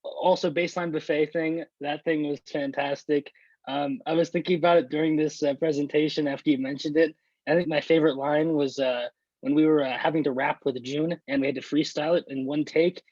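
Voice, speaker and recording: A young man giving a hurried, rambling tribute to a friend, full of fillers and restarts. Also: on the high side, steady tone, a little mellow, no echo, lo-fi sound. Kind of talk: casual video-call tribute.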